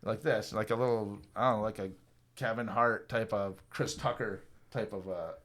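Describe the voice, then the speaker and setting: A man's voice: on the low side, normal speed. A man from Northern New York, telling a story in a casual podcast chat and acting out the people in it. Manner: animated, laughing, lots of acted quotes. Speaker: podcast co-host.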